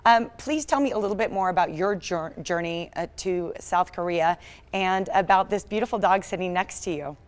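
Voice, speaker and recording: A woman's voice: lowish voice, moderate pace, clean tone. A woman news anchor hosting a morning TV interview, earnest and a little choked up as she talks.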